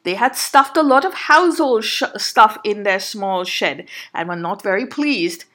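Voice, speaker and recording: A woman's voice: mid-range voice, animated, a little slow, fairly bright tone. A woman telling a personal story in an earnest, emphatic monologue, sometimes restarting her sentences. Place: Canada.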